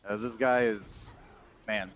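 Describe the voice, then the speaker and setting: A man's voice: on the low side, steady tone, unhurried, fairly bright tone. A man streaming, telling a long story as a profane, ranting chat. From United States. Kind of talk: casual livestream chat. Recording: dull lo-fi mic.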